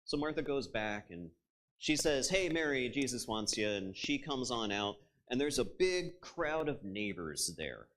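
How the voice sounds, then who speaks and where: A man's voice: mid-range voice, sing-song, a little slow, fairly bright tone. A man preaching a conversational sermon as a pastor, retelling a story in a reflective way and turning to his listeners with asides.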